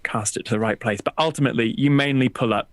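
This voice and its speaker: A musician guest chatting casually from a small home studio room over a video call, self-deprecating and full of restarts. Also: male voice, medium pitch, fast, no room sound. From England, raised partly in Texas.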